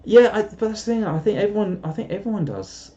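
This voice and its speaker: Guy rambling on a live stream, mellow and warm, kinda dull lo-fi audio. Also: sits high, big pitch swings, fast talker. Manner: rambling, self-deprecating, full of restarts. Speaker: live streamer reading viewer chat. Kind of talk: casual live-stream chat.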